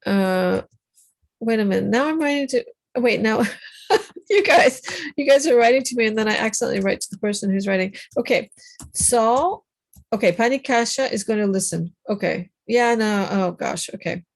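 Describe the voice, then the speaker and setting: A woman's voice: a little high, normal speed, dry recording. A woman teaching a Polish class over a video call, patiently explaining phrases and encouraging her students. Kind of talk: online language class. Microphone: computer mic on a video call.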